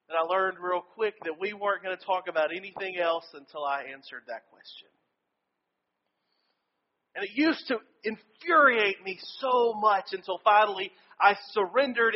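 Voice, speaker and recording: A man's voice: high voice, dull audio. A male pastor giving a sermon and telling a personal story in an earnest way.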